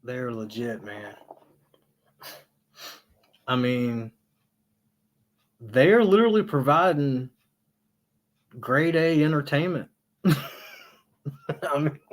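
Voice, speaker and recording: A man hosting a casual live stream, rambling and laughing a lot as he retells funny stories, sometimes jumping into high squealing impressions and swearing freely. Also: animated, slow pace, long pauses.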